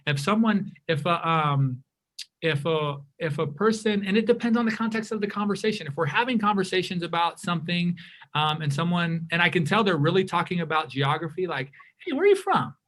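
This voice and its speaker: A man from California leading an interactive diversity workshop, lively and often correcting himself mid-sentence. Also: a little high, brisk. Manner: animated, self-correcting, acts out quoted remarks.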